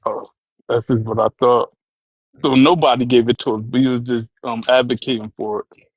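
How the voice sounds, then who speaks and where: A man calling in to a talk show, speaking hesitantly with many pauses and ums. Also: mid-range voice, fairly even intonation. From Virginia. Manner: hesitant, halting, full of ums. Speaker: caller. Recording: dull lo-fi call line.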